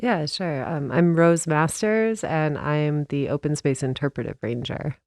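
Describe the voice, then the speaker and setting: A woman's voice: low-pitched, a little slow, darkish tone, no room sound, studio quality. A woman park ranger, a guest on a podcast, explaining her job in a friendly way with a few laughs and fillers.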